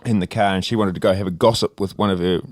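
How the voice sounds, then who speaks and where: A man's voice: low voice, steady tone, quick pace, no room sound, studio quality. A young Australian man telling a long story in casual podcast chat, rambling, laughing and swearing freely. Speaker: podcast co-host.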